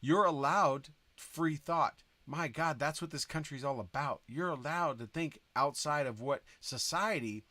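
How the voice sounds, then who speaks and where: Bright, emphatic man with a dry sound. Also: fairly high pitch, a little slow, few pauses, dry recording. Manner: emphatic, opinionated. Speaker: podcast co-host. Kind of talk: casual chat.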